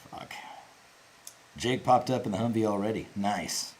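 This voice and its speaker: A man's voice: lowish voice, measured pace, a little mellow, rough recording. A man hosting a casual livestream, talking openly and rambling, laughing easily as he answers questions. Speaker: host, company representative.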